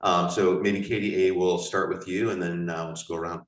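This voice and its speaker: A man hosting a panel discussion over a video call, talking in a relaxed, rambling way with restarts. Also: low voice, fairly quick, roomy sound, far from the mic, rough recording. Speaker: panel host.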